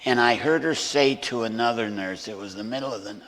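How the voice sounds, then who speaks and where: A man preaching a sermon as a guest pastor in a church, moving between hushed storytelling and loud, emphatic preaching. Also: mid-range voice, a little fast, long reverb tail. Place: church sanctuary.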